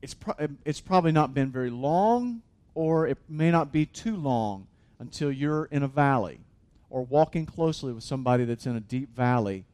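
A man's voice: medium pitch, lively intonation, moderate pace, a little mellow. A man, a pastor, preaching a sermon in an earnest, conversational way.

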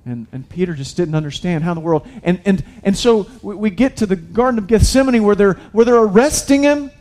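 A man's voice: sits high, a little fast, darkish tone. A man preaching a sermon in a casual, conversational way, talking to the congregation directly and restarting his sentences often. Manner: conversational preaching, addresses listeners as guys, many restarts. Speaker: pastor.

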